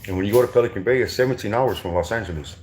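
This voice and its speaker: A man's voice: fairly low pitch, very fast, darkish tone, slight background noise. A middle-aged man from Southern California recounting prison stories in casual, profane street slang, full of restarts. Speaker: former prisoner telling stories. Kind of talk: casual storytelling.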